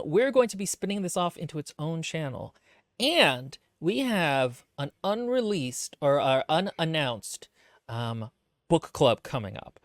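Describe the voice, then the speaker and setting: Brief: male podcast co-host, lively pitch swings, dry close sound, chatty and joking. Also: no room sound. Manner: animated, joking, quick asides. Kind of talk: casual book-club stream chat.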